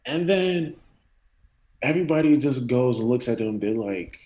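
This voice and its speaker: A man's voice: medium pitch, expressive, moderate pace, a little mellow, rough recording. A man guesting on a casual sports podcast, talking in a loose, slangy, rambling way.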